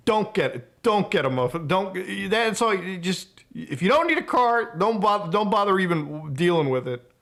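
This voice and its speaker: A male streamer rants live with a high voice that swoops up and down constantly. He talks casually and profanely, turning exasperated and mocking as he goes. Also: fairly bright tone. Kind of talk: casual livestream rant.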